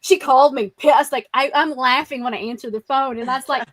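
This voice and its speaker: Woman, somewhat high voice, casual chat, laughs a lot, quotes people. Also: fairly even intonation, brisk, a little hiss or hum. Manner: laughs often, tells stories by quoting people.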